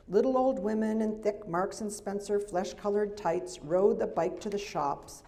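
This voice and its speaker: A woman's voice: medium pitch, dark tone. An older woman, an author, reading her memoir at a live library event, with wry, chatty asides into a microphone. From United States. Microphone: handheld or stand mic.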